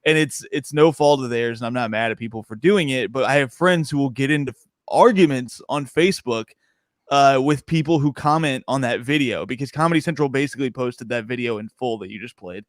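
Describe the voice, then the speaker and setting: A young man, a stand-up comedian, chatting casually on a podcast, animated and laughing often. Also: mid-range voice, brisk, no room sound, clean studio sound.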